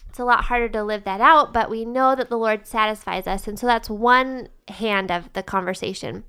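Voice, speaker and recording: A woman in her thirties co-hosting a relaxed faith podcast, with a fairly high, clear voice. She teases and laughs easily and talks her thoughts through with many fillers. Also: normal speed. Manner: giggly, teasing, thinks aloud with fillers. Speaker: podcast co-host. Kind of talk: casual faith podcast chat.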